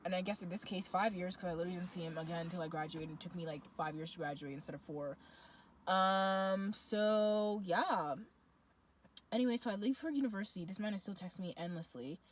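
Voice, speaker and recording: A woman, telling a dating story to camera in a lively, slangy, dramatic way. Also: on the low side, a little fast, poor audio. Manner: animated, slangy, dramatic retelling. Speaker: vlogger. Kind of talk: storytime monologue.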